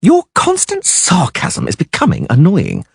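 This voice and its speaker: A man voicing a vain, flamboyant young troubadour who talks excitably and theatrically, pitched well above his own voice. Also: a little slow, gravelly, slightly rough, dry recording, studio quality, heavily acted. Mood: boastful.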